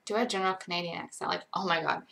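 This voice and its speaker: A woman's voice: fairly low pitch, steady tone, rapid-fire, creaky, bright, forceful tone. A tired young woman chatting casually on a live stream, rambling and self-deprecating as she reads chat aloud.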